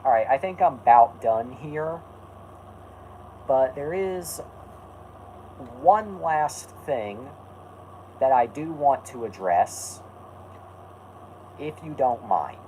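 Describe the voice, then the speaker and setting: A man's voice: mid-range voice, expressive, takes it slowly, pauses often, mellow, rough recording. Guy rambling on a live stream, voice bounces around a lot, a bit of faint noise behind. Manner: rambling, testy with chat, self-correcting. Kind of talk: casual live stream talk.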